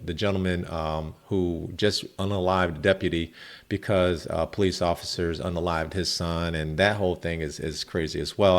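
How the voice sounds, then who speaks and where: A man hosting a reaction video, talking in a laid-back way, often adding "man" and laughing between points. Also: deep voice. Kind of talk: casual reaction commentary.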